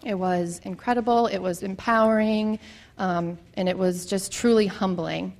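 A woman's voice: medium pitch, fairly even intonation, normal speed, a little mellow. Earnest woman telling a reflective story. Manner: earnest and reflective, with frequent ums. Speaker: church mission trip member. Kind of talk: personal testimony.

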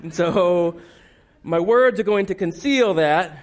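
Man, pastor, sermon, high voice, casual and joking, self-deprecating. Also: takes it slowly. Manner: conversational, humorous, self-deprecating storytelling. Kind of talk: sermon with personal stories.

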